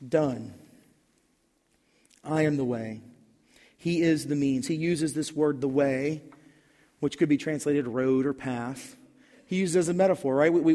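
A pastor preaching his sermon in a relaxed, conversational way that rises into emphatic bursts. His voice sits a little high for a man. It rings out with the long reverb of a church hall.

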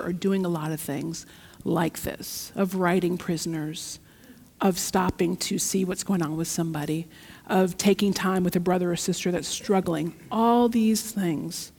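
A woman preaching a sermon in a church, telling a story in a lively, heartfelt way. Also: lowish voice. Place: church sanctuary. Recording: long church reverb.

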